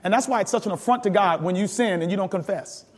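A man's voice: sits high, quick pace, long reverb tail. A man pastor teaching a sermon with call-and-response, laughing often and building to sudden emphatic rises.

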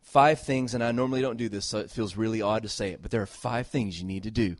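In a lowish voice and at a fast clip, a middle-aged pastor preaches with earnest emphasis, repeating himself and moving from loud exhortation to soft tenderness. The studio-quality audio has no room sound.

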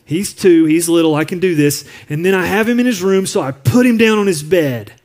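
A man's voice: sits high, a little fast, darkish tone, soft background music. A man preaching a sermon as a pastor, telling a personal story in an earnest, confiding way. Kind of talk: sermon on parenting. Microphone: recorded apart from the congregation.

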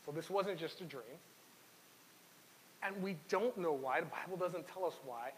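Speaking at a moderate pace in a voice on the high side, a pastor reads scripture aloud and recounts his own experiences in an earnest sermon. Faint hiss and long hall reverb sit under the recording.

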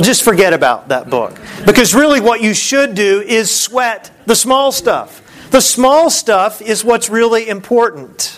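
A middle-aged man, a pastor, preaching a conversational sermon and acting out the disciples' lines. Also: sits high.

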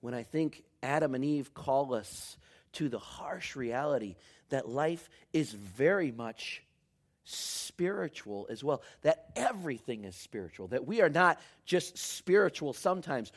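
Pastor guy preaching in a church, voice a bit high, bounces all over, shouts then whispers. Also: sing-song, a little slow. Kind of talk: sermon.

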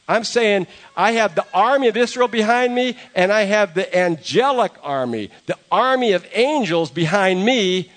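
A man pastor giving a conversational sermon, retelling a story with animated asides and jokes. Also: high-pitched.

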